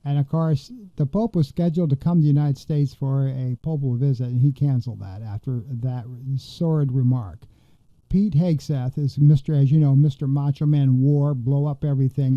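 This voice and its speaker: A man's voice: medium pitch, normal speed, no echo, lo-fi sound. A man hosting a political commentary podcast, talking in a rambling, indignant way with many fillers and restarts. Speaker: podcast host.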